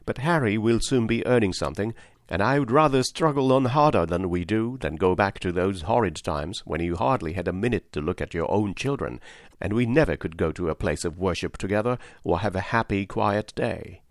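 Steadfast working-class wife voiced by a male reader, slow and firm, dry sound. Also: on the low side, animated, no echo. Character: devoted cabman's wife, firm and gentle.

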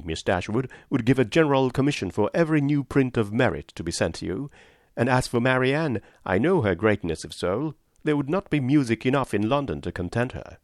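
A reserved young gentleman, as read by a male narrator, quietly playful and courteous. The delivery moves with lively intonation, recorded dry and close for an audiobook. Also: mid-range voice, no echo. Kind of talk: audiobook reading of a classic novel.

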